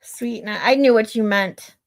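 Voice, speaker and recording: Her voice slightly high and creaky, a middle-aged livestream host speaks in an unhurried way to her audience. She drifts into tangents, reads out comments from viewers and laughs often.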